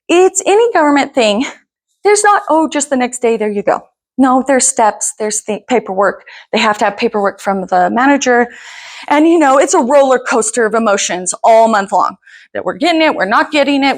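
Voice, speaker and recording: A middle-aged woman earnestly telling a family story as a mother, animated and encouraging, acting out the dialogue. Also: fairly high pitch. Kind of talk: casual spoken storytelling.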